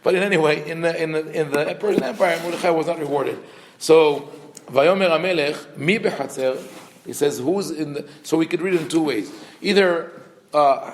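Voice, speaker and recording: A middle-aged man leads a scripture class as its rabbi. His voice sits a little high. He explains with dry wit and many fillers, and chants verses rapidly. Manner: reads verses quickly in a chant. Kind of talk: Torah class lecture.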